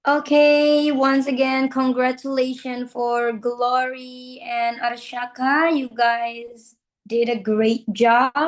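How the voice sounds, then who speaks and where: A woman judge giving measured, encouraging feedback to storytelling contestants. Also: on the high side, rough recording.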